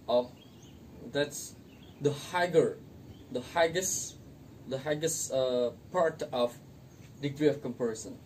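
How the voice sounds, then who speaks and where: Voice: mid-range voice, darkish tone. A young student teacher from Indonesia explaining an English grammar lesson, repeating each example word and using non-native grammar. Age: young adult. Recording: distant mic, faint noise.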